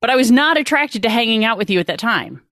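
A woman's voice: a little high, expressive, quick pace, fairly bright tone, no echo. Reflective woman in a dry recording. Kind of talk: casual conversation.

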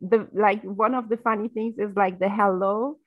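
A woman's voice: mid-range voice, steady tone, moderate pace, no echo, muffled recording. Woman, podcast host, enthusiastic, dry close sound. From Germany. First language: German. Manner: enthusiastic, frequent affirming yeses. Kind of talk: casual interview conversation.

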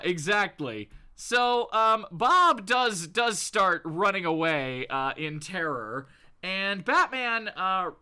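A man's voice: high voice, pushed and bright, clear, resonant tone. A man co-hosting a casual podcast, animatedly retelling a comic and laughing often. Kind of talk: casual chat.

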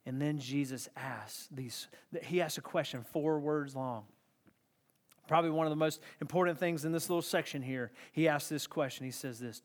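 Brief: man preaching, fairly high voice, swings from soft to fiery. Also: normal speed. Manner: emphatic, repeating phrases, swinging from hushed to intense. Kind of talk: sermon.

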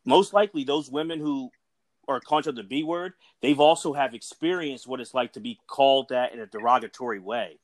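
A man's voice: medium pitch, brisk, dry recording. A man explaining his view earnestly in a casual chat, walking through examples.

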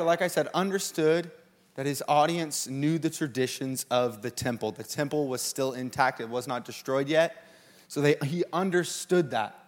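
A man with a high, light voice preaches to a live church service. He tells his stories in an animated way, leaping into shouted, panicky re-enactments before settling back into teaching. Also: in a large hall. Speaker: pastor. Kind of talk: sermon.

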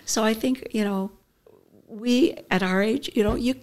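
A woman's voice: a little high, measured pace, over a noisy crowd. An older woman, a podcast guest, talking casually and chattily and laughing often. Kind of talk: casual conversation.

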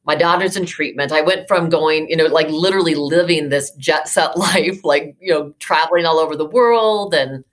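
A woman in her fifties with a low, full voice tells her own story as a guest in an interview. She talks earnestly and with feeling, often restarting her sentences and filling them with "you know". She comes across as a therapist and life coach opening up about her life. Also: normal speed, hardly any pauses. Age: 50s. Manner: earnest, emotional, many fillers and restarts.

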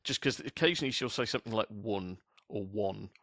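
A man's voice: medium pitch, rapid-fire, bright, forceful tone, dry recording, studio quality. A man from the UK hosting a casual podcast chat, rambling through asides and swearing freely. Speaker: podcast host.

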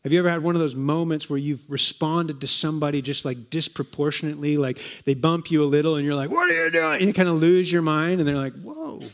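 Male preacher with a slightly high voice, chatty sermon delivery full of rhetorical questions. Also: fairly even intonation, fast talker, few pauses. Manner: conversational, with rhetorical questions and repetitions.

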